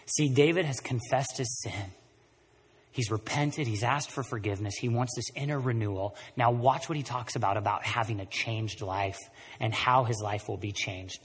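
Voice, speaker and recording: A man preaching a sermon as pastor, animated, swinging between quiet and loud passages. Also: medium pitch, normal speed, husky. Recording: long reverb of a large room.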